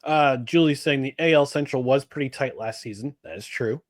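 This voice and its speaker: A man co-hosting a sports podcast, talking in an animated, exasperated way with many restarts. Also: medium pitch, brisk, no echo, clean studio sound. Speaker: podcast co-host. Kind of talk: casual sports talk.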